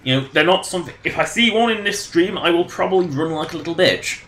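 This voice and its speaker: A man's voice: on the high side, lively intonation, fast talker, fairly bright tone, echoey room, a little hiss or hum. A man casually commenting on his game during a livestream, rambling and joking and laughing at his own jokes. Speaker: game streamer.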